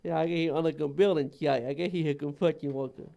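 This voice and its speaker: A man's voice: a little high, steady tone, fast talker, creaky, dark tone. A man with a Texan accent co-hosting a talk show, cracking jokes as he reads out odd news stories. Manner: wisecracking, laughs while reading out news stories. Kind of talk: casual joking chat.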